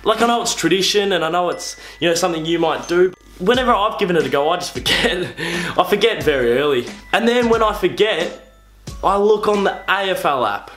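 A young man with an Australian accent, mocking sports fans in a comedic vlog monologue with exasperated, quick-fire delivery. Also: high-pitched, lively intonation, fairly bright tone, echoey room, faint music behind. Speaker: comedy vlogger.

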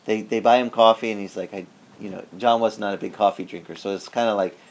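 A male pastor telling a story in a sermon, animated and conversational, acting out the people he quotes. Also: lowish voice, fast. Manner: conversational with frequent restarts.

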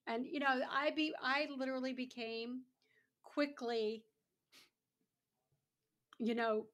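A woman in her sixties tells stories as a podcast guest, her voice a little high. She talks casually and animatedly, slipping into the voices of the people she quotes. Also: slow pace. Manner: animated, acts out other people's lines. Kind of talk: casual storytelling.

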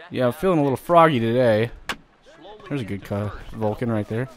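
Loud, foul-mouthed gamer guy. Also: medium pitch, a little fast. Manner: loud, vulgar, excitable banter. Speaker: gaming channel host. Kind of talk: let's play commentary.

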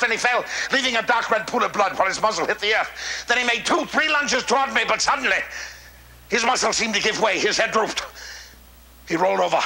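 A man's voice: very high-pitched, bright, forceful tone, reverberant, full character voice, low-quality recording. An actor playing a hearty, exuberant older statesman who tells hunting stories in a theatrical monologue, chuckling and relishing every word. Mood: breathless, dramatic. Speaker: actor in a one-man stage show.

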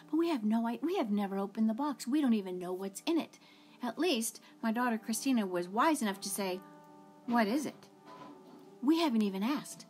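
A woman's voice: on the high side, expressive, normal speed, darkish tone, soft background music. A middle-aged woman giving an earnest devotional talk, telling personal stories in a conversational way. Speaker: ministry speaker.

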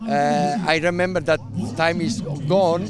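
An older man, a race official, answering interview questions in halting English while searching for words. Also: a little high, fairly even intonation, crowd noise.

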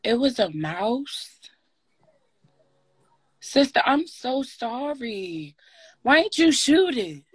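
A woman's voice: on the high side, very animated, extremely slow, long pauses, slightly rough, dry recording. A woman chatting casually on a livestream, teasing and reacting as she listens to a story. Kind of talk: casual chat.

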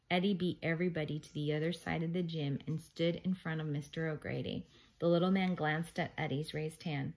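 A woman reading a children's chapter book aloud in an animated storytelling voice. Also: sits low, brisk, rough recording. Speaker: reader.

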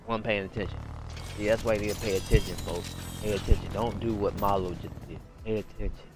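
Lively young man commenting on his game. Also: on the low side. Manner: animated, slangy, repeats phrases, sudden excited yelps. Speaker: gaming channel host. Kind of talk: casual gameplay commentary.

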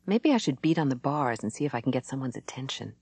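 A woman's voice: extremely low pitch, big pitch swings, quick pace, a little mellow, slightly rough, dry recording, exaggerated voice. A woman reading an audiobook, voicing a gloomy young woman prisoner. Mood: restless.

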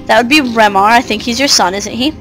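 A woman's voice: fairly high pitch, fast talker, a bit bright, soft background music, natural voice, poor audio. Woman reading as a brave little girl. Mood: earnest. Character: brave eleven-year-old human girl. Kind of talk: reading game dialogue aloud.

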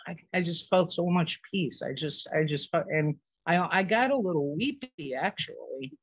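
A man joining a prayer call to share a personal testimony, halting and full of restarts, getting weepy as he talks. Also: fairly high pitch, dry recording. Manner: halting, many restarts, tearful. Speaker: participant sharing a testimony. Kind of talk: emotional personal sharing.

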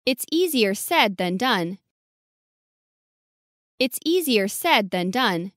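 A woman reading short English sentences slowly and clearly, saying each one twice for learners to repeat. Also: on the high side, very animated, a bit bright, dry recording, studio quality. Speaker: English lesson reader.

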